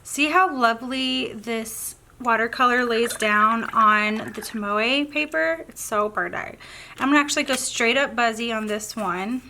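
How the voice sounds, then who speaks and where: Southern lady gabbing thru a watercolor tutorial, bright voice, kinda high, faint hiss behind. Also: unhurried. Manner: chatty, bubbly, thinks aloud while painting. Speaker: craft tutorial host. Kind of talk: casual painting tutorial.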